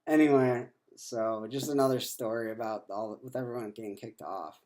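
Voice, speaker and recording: A man's voice: mid-range voice, moderate pace, darkish tone. A man in his twenties talking in a rambling video diary, full of fillers and restarts, sounding worn out. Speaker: vlogger.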